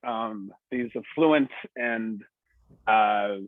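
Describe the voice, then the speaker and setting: A man calls in over a thin, tinny phone line that sounds dry and close. His voice is low, and he speaks haltingly, filling gaps with ums and uhs. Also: no echo. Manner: hesitant, halting. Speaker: actor guest. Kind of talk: interview conversation.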